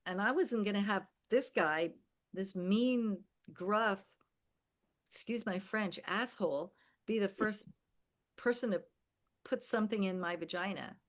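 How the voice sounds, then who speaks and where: A woman's voice: mid-range voice, a little slow. A woman in her sixties, from America and the Philippines, telling a personal story as a podcast guest in a vivid, emphatic way. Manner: vivid, emphatic storyteller who acts out quoted dialogue.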